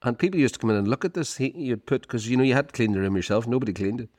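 A man's voice: mid-range voice, rapid-fire, a little mellow, no room sound. A middle-aged Irish man co-hosting a podcast, telling a rambling story with lots of "you know" and chuckles. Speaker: podcast co-host. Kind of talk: casual storytelling chat.

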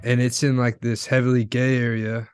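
A man's voice: mid-range voice, level tone, moderate pace, a little mellow, clear, resonant tone, dry recording, clean studio sound. A man chatting casually, rambling storyteller with lots of filler words. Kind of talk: casual chat.

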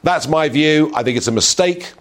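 A man's voice: on the high side, normal speed, fairly bright tone. A middle-aged man hosting an opinionated talk show, asking emphatic rhetorical questions. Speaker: host.

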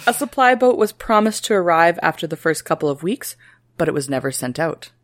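A woman's voice: lowish voice, lively intonation, fairly quick, no echo. A woman co-hosting a casual history podcast, reading old quotes aloud and joking between passages. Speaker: podcast co-host.

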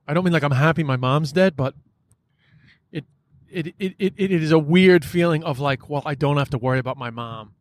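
A man hosting a podcast, talking in a casual, frustrated monologue, swearing often and filling his speech with "like" and "you know.". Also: fairly high pitch. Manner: frustrated, profane, many fillers.

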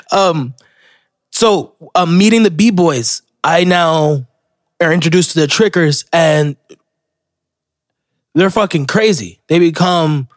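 A young man hosts his podcast alone, drifting through stories with swearing and restarts. He speaks slowly and a little high. His voice sits close and dry on the mic. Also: dry recording. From Florida. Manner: rambling, profane, self-interrupting storyteller. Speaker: podcast host. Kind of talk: casual solo podcast monologue.

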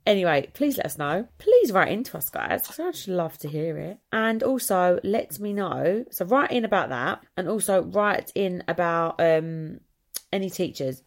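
A woman's voice: fairly low pitch, creaky. A woman in her thirties with an Essex accent, hosting a casual, rambling solo podcast chat. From Essex, England. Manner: chatty, rambling, quick to quote others. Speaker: podcast host.

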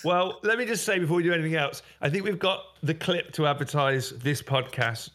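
A man's voice: a little high, fairly quick, a bit bright. A man hosting a comedy podcast, talking in a playful, teasing way. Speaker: podcast host. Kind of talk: casual comedic chat.

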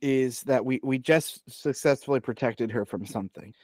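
A man's voice: medium pitch, normal speed, darkish tone, no echo. A man playing a tabletop game, talking earnestly and slipping between his character and plain table talk. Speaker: player.

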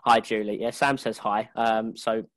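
A man hosting a podcast, moving quickly through announcements and friendly banter. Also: fairly low pitch, fairly even intonation, no room sound. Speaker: podcast host. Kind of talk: casual podcast chat and announcements.

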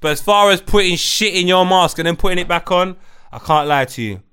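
A man's voice: sits high, a little fast, pushed and bright, smooth. A man hosting a podcast, commenting bluntly and mockingly on online clips. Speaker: podcast host.

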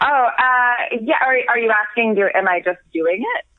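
A woman comedian chatting casually on a phone call, rambling and self-deprecating with quick laughs. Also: on the high side, background noise. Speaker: guest comedian. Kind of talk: casual chat. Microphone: phone line. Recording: tinny phone line.

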